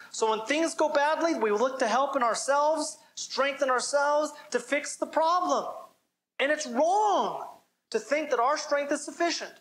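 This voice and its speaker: A man's voice: very high voice, fairly bright tone. A man giving a church sermon as pastor, preaching with emphasis and asking the listeners direct questions. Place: church service.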